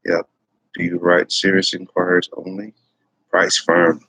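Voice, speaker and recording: A man's voice: low voice, completely flat delivery, a little slow, a bit bright, dry recording, rough recording. A man hosting a casual livestream, rambling and repeating himself as he reads viewer comments aloud. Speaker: livestream host.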